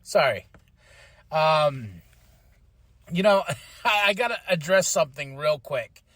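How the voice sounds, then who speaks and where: Man, podcast host, excitable chatty talk, high voice, dry close mic. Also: slow pace, no room sound. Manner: hyped, rambling, chatty with many fillers. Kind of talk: casual wrestling review podcast.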